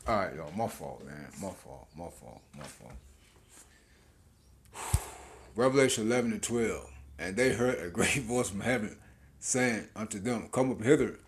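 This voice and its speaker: A man's voice: fairly low pitch, a little hiss or hum. Laughing, slangy man preaching scripture. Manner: casual slangy preaching, laughs often, repeats words. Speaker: street preacher. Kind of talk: informal scripture teaching.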